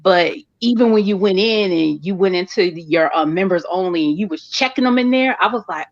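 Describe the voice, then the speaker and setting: A woman's voice: on the low side, fairly quick, hardly any pauses, no room sound. Effusive woman on dull, dry call audio. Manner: effusive and encouraging, repeats praise. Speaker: viewer calling in to a live stream. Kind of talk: casual live-stream call-in.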